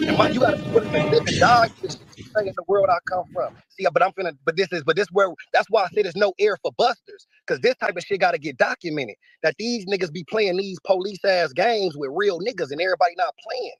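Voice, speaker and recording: A man's voice: sits high, fast talker, slightly rough, no echo, low-quality recording. A man speaking in a heated interview, combative, emphatic and profane. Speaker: battle rapper interviewee.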